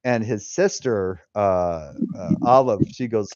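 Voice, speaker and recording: A man hosting a casual live stream, an animated storyteller who acts out the quotes he tells, talking into a headset. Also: on the low side, slow, dry recording. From California. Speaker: host. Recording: dull dry headset sound.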